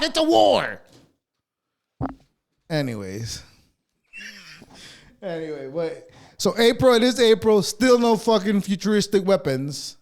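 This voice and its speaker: A man's voice: very high-pitched, very animated, measured pace, long pauses. A man co-hosting a podcast, ranting heatedly with constant swearing. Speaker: podcast co-host. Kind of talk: casual podcast rant.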